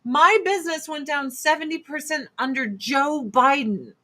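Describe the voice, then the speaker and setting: A woman ranting in casual talk, blunt and profane, speaking in fast emphatic bursts. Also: high voice, bright, forceful tone. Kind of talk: casual opinion rant.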